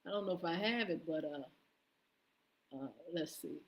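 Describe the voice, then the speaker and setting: A woman's voice: lowish voice, measured pace. A woman hosting a live morning show stream, casually greeting viewers by name with lots of "uh" fillers and an upbeat, friendly manner.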